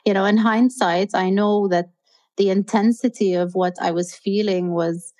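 A woman's voice: medium pitch, steady tone, moderate pace, darkish tone. A woman in her thirties, an interview guest, telling a personal story in an earnest, open and reflective way.

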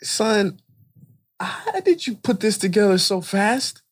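A man's voice: mid-range voice, lively intonation, unhurried, slightly rough. A man voicing a father trying to get his son out of the way so he can watch a game. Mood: baffled. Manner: exasperated, then smug.

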